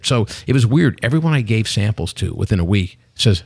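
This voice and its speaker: A man's voice: fairly low pitch, a little fast, vocal fry, husky, dry recording. A man in his sixties, a company CEO, telling jokey stories in casual chat and acting out the people he quotes. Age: 60s. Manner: animated joking storyteller acting out quotes. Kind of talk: casual storytelling.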